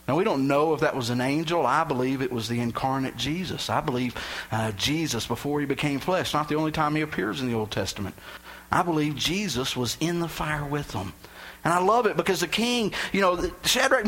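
Male pastor, high voice, dramatic sermon storyteller; moves from loud to hushed.

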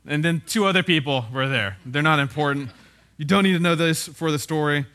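A man's voice: fairly high pitch, brisk, bright, forceful tone. A man preaching a conversational sermon as a pastor. He speaks in a casual, wry way and keeps checking in with tag questions.

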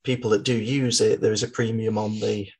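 Very deep husky woman co-host. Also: level tone, a little mellow. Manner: measured, explains things plainly. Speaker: podcast co-host. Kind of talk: casual podcast chat.

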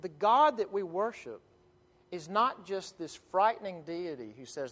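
A man's voice: sits high, sing-song, fairly bright tone. Emphatic preaching man in a reverberant hall. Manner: earnest, emphatic preaching with dramatic pauses and repeated restarts. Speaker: pastor. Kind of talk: sermon. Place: church sanctuary.

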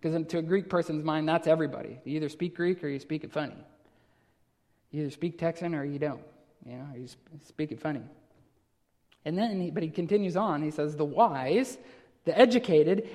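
A man's voice: on the high side, normal speed, darkish tone. A man from Wisconsin with a Wisconsin accent, preaching an expository sermon; he explains patiently, repeats phrases and builds to emphatic lists. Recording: long reverb of a large hall.

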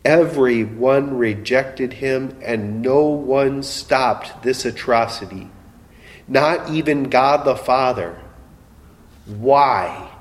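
Male preacher, measured and dramatic delivery, mid pitch, long hall reverb. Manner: slow, dramatic preaching with emotional quoted voices. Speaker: pastor. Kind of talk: sermon.

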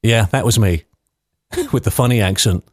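This podcast host, a London man in his fifties, talks fast in a voice on the low side while reminiscing through personal anecdotes. He's chatty and nostalgic with light laughs, and the studio sound is clean with no room tone.

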